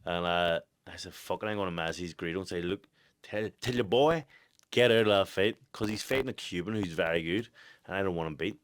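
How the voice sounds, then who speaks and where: A young man with a Northern Irish accent, telling stories in casual podcast chat, swearing freely and laughing loudly. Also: low-pitched, fairly quick, clean tone, no room sound, studio quality. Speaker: podcast co-host, boxer.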